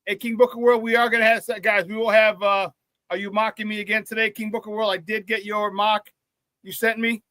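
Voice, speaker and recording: Guy hosting a sports show, reads the chat, high bright voice, keeps repeating himself, laughs a lot. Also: little pitch movement, brisk, no room sound. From Chicago area. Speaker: sports talk radio host. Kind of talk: casual sports talk, reading live chat.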